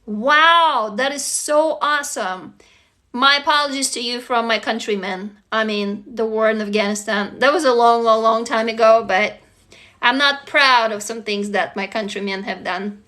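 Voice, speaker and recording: A woman's voice: on the high side, moderate pace, sharp tone. A woman from Russia hosting a casual livestream, talking frankly and answering viewers' comments as she goes. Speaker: livestream host.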